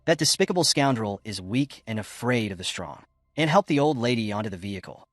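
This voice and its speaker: Lively male recap narrator. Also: fairly low pitch, a little fast, dry recording, clean studio sound. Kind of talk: scripted narration of a comic recap.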